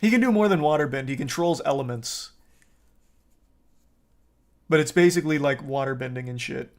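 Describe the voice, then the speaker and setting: A man's voice: on the high side, normal speed. A young man streaming, recapping a film in a sarcastic, profane, rambling way. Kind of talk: casual chat.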